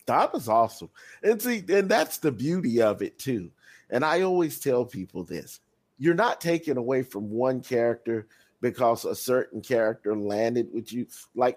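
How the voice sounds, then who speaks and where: A man's voice: mid-range voice, a little mellow. A man co-hosting a podcast, rambling enthusiastically in casual chat. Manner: enthusiastic, rambling with many fillers. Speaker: podcast co-host.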